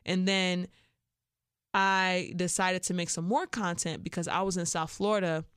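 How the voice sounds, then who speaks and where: Animated young Chicago woman telling stories. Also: lowish voice, unhurried, smooth, no echo, clean studio sound. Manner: animated, acts out quoted voices with laughs. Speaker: podcast host. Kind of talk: casual storytelling monologue.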